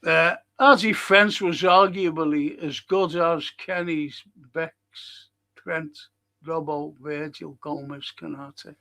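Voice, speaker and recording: A man with a somewhat high, gravelly voice hosts a casual live-stream podcast. He talks bluntly and swears freely, and he reads viewer comments aloud between his own rants. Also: steady tone, slow, pushed and bright. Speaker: podcast host.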